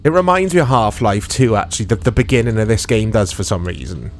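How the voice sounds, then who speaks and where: A man's voice: on the low side, animated, fast, a little hiss or hum. A British man hosting a gaming channel, giving casual, rambling, self-deprecating commentary while he plays. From United Kingdom. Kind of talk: casual let's-play commentary.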